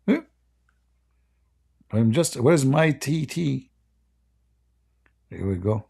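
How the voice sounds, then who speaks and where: A man's voice: mid-range voice, expressive, very slow, vocal fry, pauses often, a little mellow, slightly rough. A man hosting a live debate stream in casual, mocking chat, rambling and laughing often, his voice worn and going. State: losing his voice.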